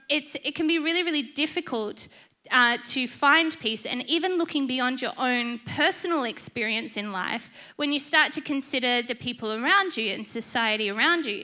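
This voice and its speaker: A woman giving a sermon, telling personal stories in a lively, humorous, chatty way. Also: on the high side. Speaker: church speaker.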